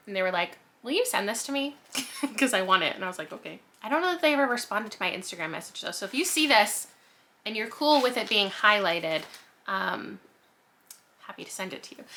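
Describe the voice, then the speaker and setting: Bright chatty woman doing a book haul. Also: mid-range voice. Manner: chatty, rambling, self-mocking asides. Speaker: booktuber host. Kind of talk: casual book haul vlog.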